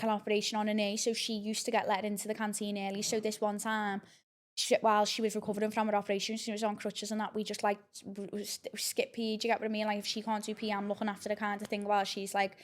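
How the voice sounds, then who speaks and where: A young woman rattles through a story at a quick pace on her podcast. She keeps it frank and rambling, full of swearing and fillers, at a middling pitch. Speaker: podcast host.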